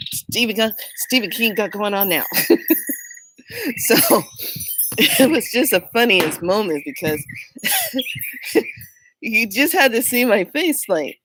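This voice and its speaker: A woman telling a personal story in a casual, animated way, often laughing and acting out what people said. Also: mid-range voice, takes it slowly, pauses often, background noise. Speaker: vlogger.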